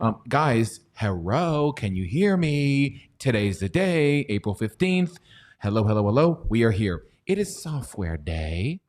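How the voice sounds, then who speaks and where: A man hosts a live stock market show with a loose, joking energy. He teases his co-hosts and keeps the banter moving, his voice sitting at an ordinary middle pitch. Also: sing-song, darkish tone. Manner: playful and teasing, quick jokes.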